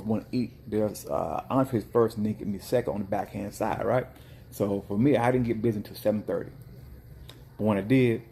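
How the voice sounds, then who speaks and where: Low, mellow-voiced man telling a story. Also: a little hiss or hum. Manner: animated, chatty storyteller with bursts of mock outrage. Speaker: dessert cart owner. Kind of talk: casual storytelling vlog.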